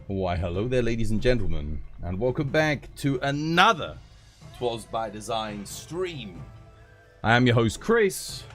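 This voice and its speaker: Animated British man streaming live. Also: mid-range voice, unhurried, soft background music. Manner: animated, laughs and swears freely. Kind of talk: casual live-stream chat. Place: home streaming setup.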